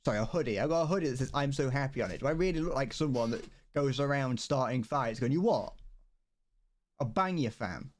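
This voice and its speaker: A man's voice: mid-range voice, fast talker. A British man chatting on a casual livestream while he builds a model kit, rambling with frequent stammered restarts and laughter. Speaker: streamer.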